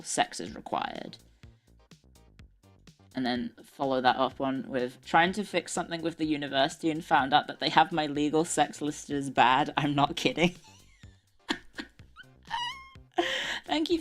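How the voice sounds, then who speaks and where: Chatty, lower-voiced woman streamer. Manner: chatty, swears, laughs often. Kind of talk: casual live-stream chat. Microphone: desk mic with earbuds.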